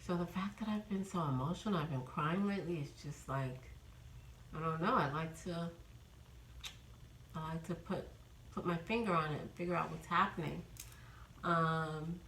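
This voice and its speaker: A woman's voice: low voice, moderate pace, long pauses, a bit bright, reverberant, a little hiss or hum, low-quality recording. A woman in her fifties from New York, chatting casually in a rambling vlog update with many ums. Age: 50s. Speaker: vlogger.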